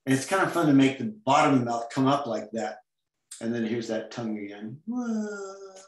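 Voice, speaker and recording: A man's voice: medium pitch, brisk, reverberant. Playful man teaching a comics class. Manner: playful, making silly sound effects while drawing. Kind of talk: online drawing lesson.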